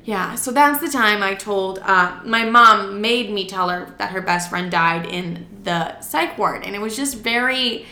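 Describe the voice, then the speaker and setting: Bright-voiced young woman telling a story. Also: mid-range voice, unhurried, hardly any pauses, echoey room. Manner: chatty, filler-heavy, swears freely, acts out quotes. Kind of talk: casual personal storytelling.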